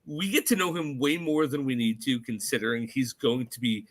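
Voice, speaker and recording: A man co-hosting a casual movie podcast, animated and quick to laugh. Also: mid-range voice. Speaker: podcast co-host.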